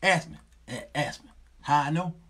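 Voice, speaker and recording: Middle-aged male host with a bright, husky voice; animated, sermon-style advice, joking and repeating himself. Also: on the high side, moderate pace. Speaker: talk show host.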